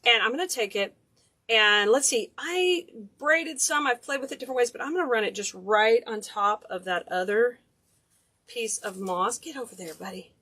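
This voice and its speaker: A woman's voice: a little high, normal speed, sharp tone. Chatty woman crafting. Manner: chatty, enthusiastic, gushes over cute details. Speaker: craft video host. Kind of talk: casual DIY tutorial.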